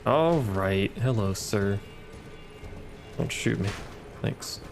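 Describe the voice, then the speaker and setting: A man talks his way through a game in a low, gravelly voice with a dry, sarcastic edge. He mutters to himself and swears at the game as he goes. Game music plays clearly behind him. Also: expressive, slow pace. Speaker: gaming streamer. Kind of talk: casual gameplay commentary.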